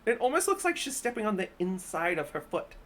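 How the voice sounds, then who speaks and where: A woman streamer giving casual reaction commentary in an animated way, laughing often and ranting in exasperation. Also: mid-range voice, a little fast.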